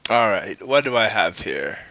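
A man's voice: fairly low pitch, sing-song, normal speed, bright, forceful tone, no room sound, lo-fi sound. A man co-hosting a comedy podcast, reading crude listener jokes in a laid-back way. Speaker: podcast co-host. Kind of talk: casual comedy podcast chat.

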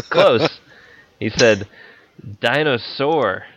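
A man's voice: medium pitch, lively intonation, very slow, a bit bright, no room sound. A man co-hosting a casual podcast, hesitant and dry, with many ums while he gets to his jokes. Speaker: podcast co-host. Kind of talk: casual chat. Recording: dull lo-fi mic.

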